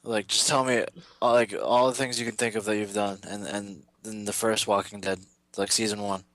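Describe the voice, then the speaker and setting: A man's voice: on the low side, flat delivery, normal speed, fairly bright tone, no echo. A man co-hosting a casual gaming podcast, hesitant and full of questions and fillers. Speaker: podcast co-host.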